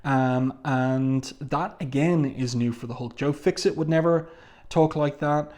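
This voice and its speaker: A man's voice: mid-range voice, fairly even intonation, a little slow, darkish tone. A man reviewing a comic book in a casual, conversational way, stopping often with ums and asides. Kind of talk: casual comic review, reading panel dialogue aloud.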